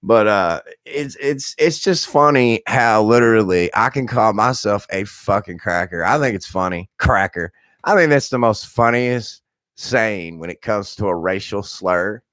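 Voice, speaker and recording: Deep-voiced, profane, hoarse man rambling. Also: a little slow, no room sound, clean studio sound. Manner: profane, blunt and animated. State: slightly hoarse. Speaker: live streamer. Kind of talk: rambling casual storytelling.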